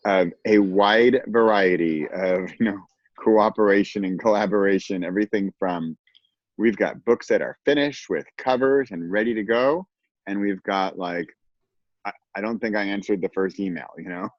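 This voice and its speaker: A man with a deep, low voice talks in a relaxed, lively way, laughing often and acting out little quotes. The sound is dry and muffled, like a video call. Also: normal speed, dry recording. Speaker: guest. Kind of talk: casual conversation.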